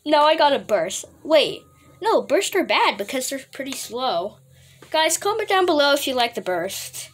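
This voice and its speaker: A woman with a high voice gives excitable gameplay commentary, her pitch leaping up and down as she reacts. She draws her words out at an unhurried pace, laughs often and trash-talks her friends playfully. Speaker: gaming video host.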